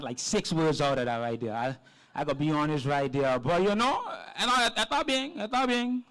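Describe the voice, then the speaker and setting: A man's voice: a little high, fairly bright tone. A man hosting a live poetry night, joking and teasing the crowd between acts. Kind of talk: live event hosting banter.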